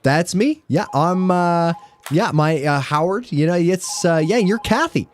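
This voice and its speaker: Brief: man doing a cheerful Eastern Canadian office guy, animated delivery. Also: high-pitched, a little slow, slight background noise. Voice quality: folksy, cheerful. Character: friendly middle-aged office handyman Howie.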